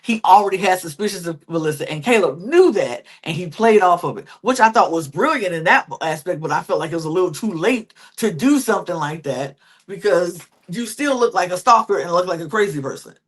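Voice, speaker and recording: A young woman co-hosting a podcast, telling stories in an expressive, emphatic way as she chats casually about a reality show. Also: on the low side, a little fast. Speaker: podcast co-host. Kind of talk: casual reality-TV recap chat.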